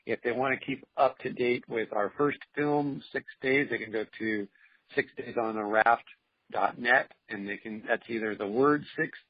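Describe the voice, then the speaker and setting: A film producer appears as an interview guest, talking casually in an earnest, encouraging, faith-driven way. His mid-range voice has a breathy edge and a moderate pace. The remote audio is dull and lo-fi, with no room sound.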